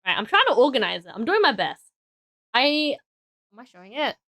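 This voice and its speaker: A woman's voice: high voice, big pitch swings, brisk, a bit bright, no echo. A young woman streaming, chatting casually with viewers while building, rambling and correcting herself as she goes. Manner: rambling, unsure and self-correcting. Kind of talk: casual live-stream chat.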